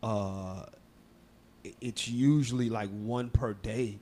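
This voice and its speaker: A man's voice: lowish voice, fairly even intonation, slow, warm tone. A man from Texas co-hosting a podcast, telling stories in a loose, profane, laughing way. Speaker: podcast co-host. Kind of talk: casual chat.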